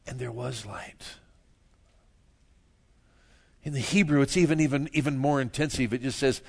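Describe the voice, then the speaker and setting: A man preaching a sermon, moving from quiet, low stretches to loud, emphatic bursts and chuckling at his own jokes. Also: lively intonation, moderate pace, long pauses, husky. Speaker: pastor.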